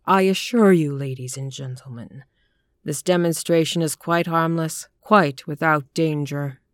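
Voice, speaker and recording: A woman voicing a gaunt, sinister male stage hypnotist who speaks in a slow, sonorous, commanding voice with cool contempt. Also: sits low, fairly even intonation, dry recording, clean studio sound. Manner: measured and commanding, mocking.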